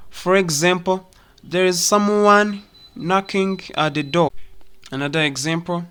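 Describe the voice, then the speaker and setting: A teacher from Rwanda giving a pronunciation lesson, repeating words slowly to demonstrate them. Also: mid-range voice, steady tone, a bit bright, clean tone. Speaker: English teacher.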